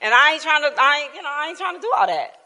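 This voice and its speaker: A woman in her fifties sharing a personal testimony at a Bible class, telling it in an animated way, laughing often and dropping to quiet tones. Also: high-pitched, rapid-fire, in a large hall. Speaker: church speaker sharing testimony. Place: church hall.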